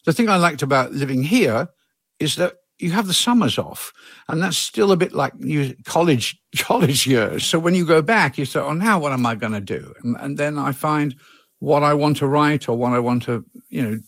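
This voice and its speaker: A man in his eighties, an author being interviewed, talking in a relaxed, meandering way with chuckles and frequent restarts. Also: on the high side, normal speed, no room sound. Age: 80s. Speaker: author guest.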